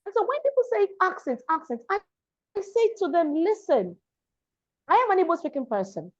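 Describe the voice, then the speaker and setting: A very high-pitched, brisk voice with big pitch swings belongs to a Nigerian public speaking and diction coach raised in Lagos. In an interview captured on dull lo-fi audio, she explains emphatically and reiterates her key points.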